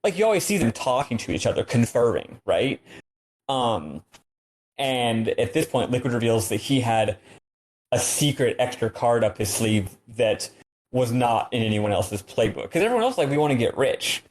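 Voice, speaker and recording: A man's voice: mid-range voice, expressive, unhurried, a little mellow. Enthusiastic man explaining at length. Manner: enthusiastic, long-winded explaining. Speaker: podcast co-host. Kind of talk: casual chat.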